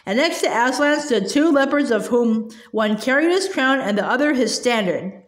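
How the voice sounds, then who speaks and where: A woman's voice: fairly high pitch, lively intonation, normal speed. Hesitant woman reading a storybook aloud. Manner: hesitant, with frequent fillers and restarts. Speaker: storybook reader. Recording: roomy echo.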